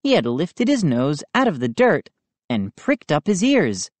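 A woman narrating a children's book aloud in an expressive storytelling manner. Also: low voice, measured pace, no echo. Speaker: audiobook narrator. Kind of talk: children's book read-aloud with character voices.

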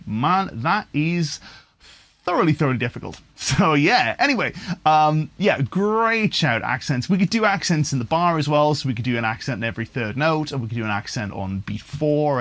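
A man's voice: mid-range voice, fairly bright tone, no echo. Chatty man teaching guitar. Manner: chatty, enthusiastic, thinking aloud with fillers. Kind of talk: livestream guitar lesson. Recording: guitar playing in background.

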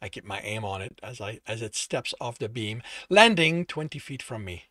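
A man's voice: on the low side, expressive, normal speed, sharp tone. A man reading his own novel aloud in first person, stopping to correct and reread his slips. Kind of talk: first-person audiobook narration.

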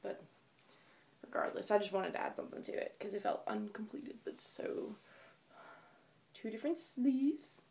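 A woman's voice: mid-range voice, animated, normal speed, long pauses, warm tone. A young woman vlogging in a casual, chatty way, talking straight to her viewers. Her delivery is bubbly and gushing, and she rambles from one thought to the next. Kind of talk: casual chat to camera.

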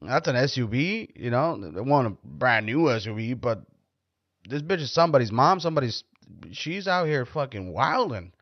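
Very animated, a man with a mid-range voice and moderate pace hosts a podcast of casual storytelling. His tales are loose, rambling, and profane, captured on a dull lo-fi recording with no room sound.

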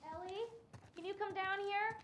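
A woman's voice: very high voice, fairly even intonation, normal speed, a bit bright, a little hiss or hum. An actress voicing a young woman in a video game, calling out to someone from a distance.

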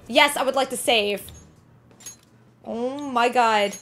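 A bright, high-pitched woman streaming a game live, her voice leaping all over the place as she reacts. She is jumpy and excitable, tossing out mild swears and repeating herself whenever she gets nervous. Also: measured pace, long pauses, soft background music. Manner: excitable, jumpy, full of frightened yelps and exclamations. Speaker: host.

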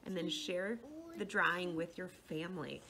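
A young woman who leads children's faith classes, gently telling a Bible story to children and often checking in with them. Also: on the low side, steady tone, normal speed, a little hiss or hum. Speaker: children's faith formation director.

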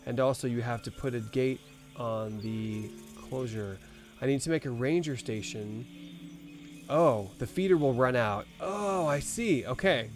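A man's voice: medium pitch, measured pace, over music. Chatty young man streaming a game. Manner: chatty, reads game text aloud and talks to chat. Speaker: gaming streamer. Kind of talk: live let's play commentary.

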